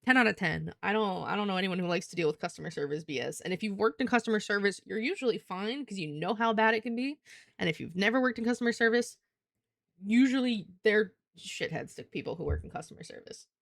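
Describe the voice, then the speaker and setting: A woman's voice: mid-range voice, animated, fast, creaky, a bit bright, no room sound, studio quality. A young woman chatting casually on a livestream, rambling and swearing as she talks with viewers. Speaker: streamer.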